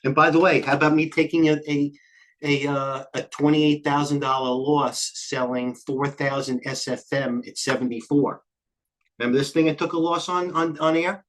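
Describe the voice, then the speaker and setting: An older man hosting a live trading stream, talking quickly and jumping between stock tickers, a little out of breath. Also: a little high, steady tone, fairly bright tone. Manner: rapid, scattered, jumps between tickers. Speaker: trading show host. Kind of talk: live market commentary.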